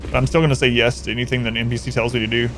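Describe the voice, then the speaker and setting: A man's voice: mid-range voice, flat delivery, rapid-fire, background noise. A man chatting casually on a game stream, rambling through a story and answering chat.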